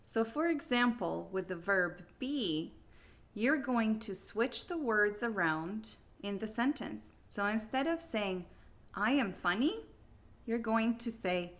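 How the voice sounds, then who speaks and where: A woman teaching an English grammar lesson, drilling example sentences slowly and exaggerating the rise on questions. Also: medium pitch, lively intonation, fairly bright tone.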